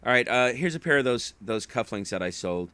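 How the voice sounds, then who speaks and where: A man's voice: mid-range voice, lively intonation, fairly quick, pushed and bright, smooth, no room sound. A man talking casually about his resales in a mid-range voice, recorded dry and close. He rambles, restarts and slips into little acted-out quotes as he tells each story. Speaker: online reseller. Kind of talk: casual chat.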